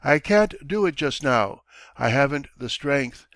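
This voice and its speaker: A man's voice: medium pitch, lively intonation, a little slow, fairly bright tone, no room sound. A man reading an audiobook, voicing a timid young barber who stammers and pleads. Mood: grieving. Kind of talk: audiobook character voice.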